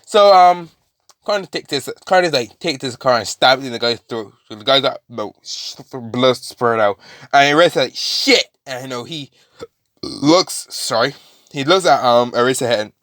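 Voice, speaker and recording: A man's voice: medium pitch, moderate pace, fairly bright tone, no room sound, studio quality. A man casually retelling a fan-made story, rambling with many fillers and restarts.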